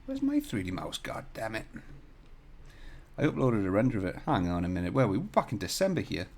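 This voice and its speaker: His voice is on the low side and a little mellow, swinging widely in pitch at a quick pace. Streaming a CAD design tutorial from a hotel room, he chats jokily with viewers, now and then swearing. The desk microphone lacks a shock mount and pop filter.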